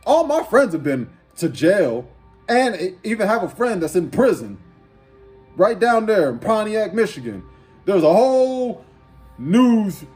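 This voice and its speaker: A man's voice: sits high, sing-song, a little slow, a little mellow, soft background music. A man giving a profane, preachy rant, repeating rhetorical questions over and over. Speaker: commentator. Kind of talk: ranting commentary over an instrumental beat.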